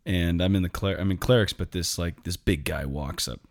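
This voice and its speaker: A low-voiced man shares a story from his time in clerics, telling it in an animated, conversational way. His speech is casual and relaxed, with a few fillers. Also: normal speed, dry recording, clean studio sound. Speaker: priest co-host.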